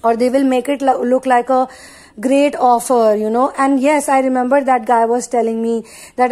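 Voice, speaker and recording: High-voiced woman giving emphatic spiritual guidance. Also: steady tone, moderate pace, darkish tone. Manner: emphatic, repetitive affirmations; conversational with frequent fillers. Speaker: spiritual channeler. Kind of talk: spiritual channeling talk.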